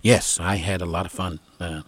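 A man recounts an old tour story in an interview, his voice fairly low and the sound close and dry. He rambles, restarts and jumps into the voices of the people he describes. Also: normal speed, breathy edge, no room sound. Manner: animated storyteller who acts out the people in his stories.

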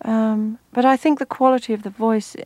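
A middle-aged woman from England, an actress answering interview questions thoughtfully, pausing and restarting as she searches for words. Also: a little high, steady tone, darkish tone, no room sound. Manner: thoughtful, frequent restarts and pauses. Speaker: actor, guest.

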